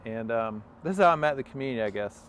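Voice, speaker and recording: A man's voice: mid-range voice, expressive, fast talker, fairly bright tone, slight background noise. A young man, an interview guest, telling a long personal story in a casual, rambling way with many fillers and acted-out quotes. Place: outdoors on a farm.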